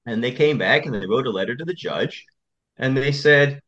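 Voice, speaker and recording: Animated male attorney, lo-fi sound. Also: medium pitch, moderate pace. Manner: emphatic, repetitive storytelling. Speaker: attorney guest. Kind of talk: interview conversation.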